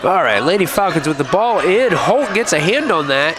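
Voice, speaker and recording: A man calling a high school basketball game play by play, briskly naming each pass and foul as it happens. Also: sing-song. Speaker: play-by-play announcer. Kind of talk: live basketball play-by-play commentary. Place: high school gym broadcast table. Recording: noisy gym with ball bounces behind.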